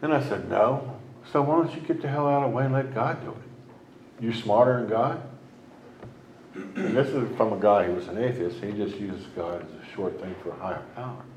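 A man sharing his personal recovery story at a meeting, rambling and halting, with many restarts and fillers. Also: on the low side, a little mellow, reverberant, slight background noise, poor audio. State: emotional at times. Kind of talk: personal testimony.

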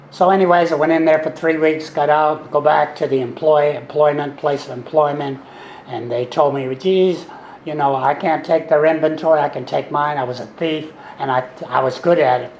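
A man in his seventies tells his story to a meeting in a folksy, repetitive way with a dry, sarcastic edge. His voice sits slightly high for a man. The room is echoey, with a faint hum behind him. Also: steady tone, normal speed, a little mellow. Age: 70s. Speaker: speaker sharing recovery story. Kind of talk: recovery meeting talk.

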